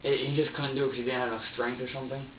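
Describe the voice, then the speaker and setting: A man's voice: medium pitch, level tone, slight background noise. A man in his twenties giving a rambling, profane statement during a police interrogation, stumbling over repeated words. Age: 20s. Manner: rambling, profane, halting repetitions. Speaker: suspect being questioned. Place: interview room. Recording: dull, distant, echoey room recording with faint ambience.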